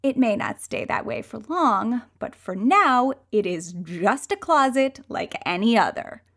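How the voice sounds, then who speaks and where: A woman reading a first-person audiobook, expressive and moving between hushed and excited passages. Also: on the high side, unhurried. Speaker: audiobook reader.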